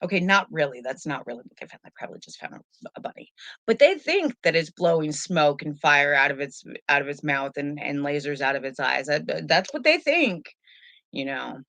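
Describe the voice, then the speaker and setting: Low-voiced woman chatting on a live stream. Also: big pitch swings, moderate pace, a bit bright, no room sound. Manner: chatty, rambling, easygoing. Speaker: tarot reader, live stream host. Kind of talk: casual live stream chat. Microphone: webcam.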